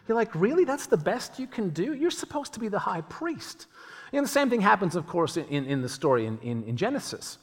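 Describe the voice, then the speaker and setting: Lively male preacher in a reverberant hall. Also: a little high. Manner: lively, acts out quoted voices. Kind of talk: sermon.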